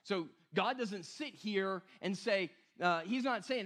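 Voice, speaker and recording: High-voiced man preaching casually. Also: measured pace, few pauses, a bit bright. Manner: casual, conversational preaching with repeated "right?" and "you guys". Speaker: pastor. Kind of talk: sermon.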